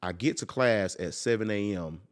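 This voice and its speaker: A young man, a podcast guest, telling a personal story in a casual, animated way and acting out the people in it. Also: on the low side, normal speed. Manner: animated, acts out quoted people.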